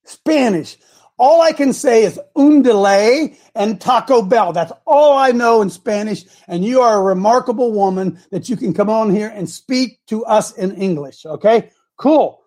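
A middle-aged man hosting a casual morning show, rambling and repeating himself, with sudden loud outbursts. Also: sits high, unhurried. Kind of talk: casual live-stream talk.

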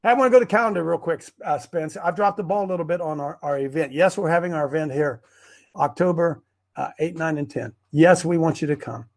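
A man hosting a casual livestream, rambling and excitable, stopping and restarting his sentences. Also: fairly high pitch, a little fast. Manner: rambling, excitable, self-interrupting. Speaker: host of a preparedness group show. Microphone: webcam on a wobbly stand.

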